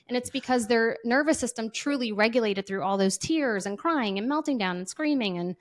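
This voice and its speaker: A woman's voice: fairly high pitch, a little fast, hardly any pauses. A woman talking casually about parenting, often acting out children's and parents' voices. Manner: animated, acts out kids' and parents' voices. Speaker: parenting guest. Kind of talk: casual conversational advice.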